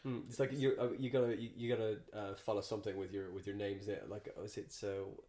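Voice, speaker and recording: A man's voice: fairly low pitch, little pitch movement, quick pace, warm tone. A man who is a comedian, chatting as a podcast guest in a rambling way, swearing and restarting his sentences. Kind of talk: casual chat.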